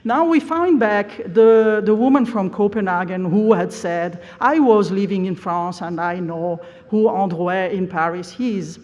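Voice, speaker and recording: A woman's voice: medium pitch, unhurried, few pauses, a little mellow. A woman giving an academic conference lecture, explaining at length with frequent "uh" hesitations. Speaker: plenary lecturer. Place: lecture hall. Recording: long reverb of a large hall.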